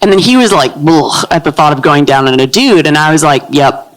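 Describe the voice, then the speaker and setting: A woman in her thirties with a low, manly-sounding voice, performing a live stand-up set in a comedy club with a deadpan delivery. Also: fast, background noise. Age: 30s.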